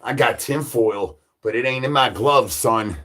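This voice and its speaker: A husky-voiced man hosts a livestream in the persona of a hungry zombie. He rambles loosely, looping sing-song catchphrases and crude jokes at a mid pitch. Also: measured pace, bright, forceful tone. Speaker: livestream host.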